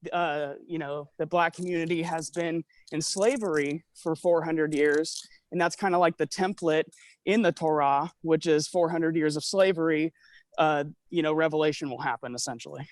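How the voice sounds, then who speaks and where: On a long, rambling phone call about conspiracy theories, a man with a slightly higher voice keeps reaching for fillers and restarting sentences he doesn't finish. He speaks at normal speed with fairly even intonation, a little breathless from walking. The audio is dry and close, with no echo.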